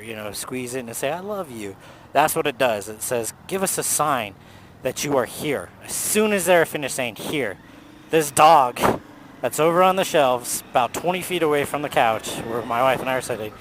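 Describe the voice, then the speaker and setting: A man telling a ghost story in a loose, profane, animated way while riding a motorcycle outdoors. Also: mid-range voice, a little hiss or hum. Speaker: motovlogger. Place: outdoors on a motorcycle on city roads.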